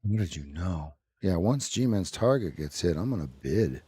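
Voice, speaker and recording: A man hosting a live trading stream, giving joking, quick market commentary. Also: deep voice, lively intonation, mellow, slightly rough, no room sound, clean studio sound.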